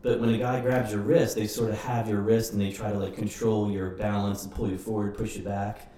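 A man in casual podcast chat, telling rambling, animated stories with swearing. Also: on the low side, brisk, a little hiss or hum. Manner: rambling, animated storytelling with cursing. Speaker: podcast participant. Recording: roomy, distant mic with faint ambience.

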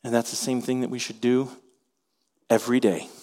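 A man preaching a sermon, animated, acting out the voices of the people in his story. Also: medium pitch, normal speed, long reverb tail. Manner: animated, acts out voices in quotes. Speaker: pastor.

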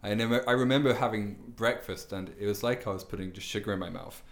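A man's voice: fairly low pitch, fast talker. A British man chatting casually as a guest, wry and self-deprecating. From United Kingdom. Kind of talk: casual chat.

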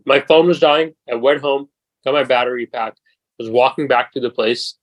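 A young man in his twenties spins a long, swearing-laced story as a podcast host, his voice at an ordinary middle pitch. The sound is dry and close, with no room around it. He talks in a loose, animated way. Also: normal speed, dry recording, low-quality recording. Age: 20s. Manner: profane, animated anecdote telling. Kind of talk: casual storytelling chat.

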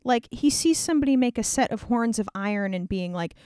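Smooth-voiced woman, slangy irreverent retelling. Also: fairly high pitch, expressive, fairly quick, mellow, no room sound, studio quality. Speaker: storyteller. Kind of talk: casual comedic Bible retelling.

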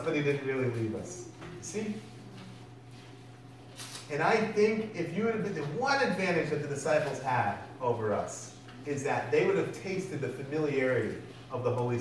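A man's voice: medium pitch, big pitch swings, moderate pace. A man preaching a sermon in a conversational way, often putting questions to the congregation. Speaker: pastor. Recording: echoey hall from far off, faint noise.

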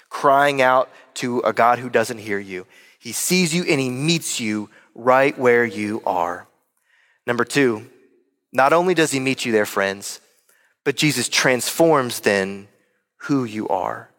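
A young male pastor delivers a sermon with an earnest, direct manner, often turning to address his listeners. His voice sits a little high for a man. It rings out with a long reverb, as in a large sanctuary. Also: fairly bright tone.

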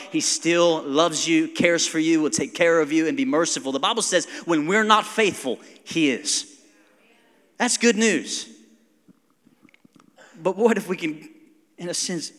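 A man in his forties preaches in a casual, animated way and slips into little acted-out quotes. His mid-pitched voice carries into a church hall with a long reverb tail. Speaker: pastor. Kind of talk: sermon.

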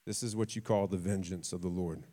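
Animated preacher man, conversational sermon. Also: low voice, fairly quick. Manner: animated storytelling with acted quotes and sudden drops to a quiet voice; repeats and restarts words, conversational.

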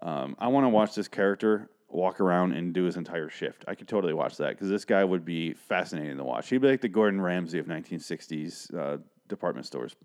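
Male recapper, low voice, rambling, sarcastic and profane. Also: lively intonation, a little fast, hardly any pauses, darkish tone. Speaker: episode recapper. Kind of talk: casual commentary.

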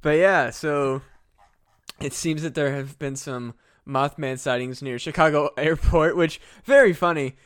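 Male comedy podcast co-host, slightly high voice, loose and profane, laughs a lot. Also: unhurried, fairly bright tone, smooth, no echo, clean studio sound. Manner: laid-back, swears a lot, laughs often. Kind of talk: casual comedic chat.

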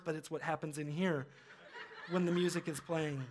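A man preaching a sermon as pastor, animated and humorous, acting out quoted voices. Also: fairly high pitch, fairly quick.

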